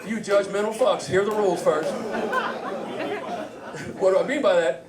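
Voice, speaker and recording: A man with a high voice and a Southern accent does a brash, crude stand-up set at normal speed on a comedy bar stage, bantering with the crowd. The audio is echoey and distant, with the crowd audible.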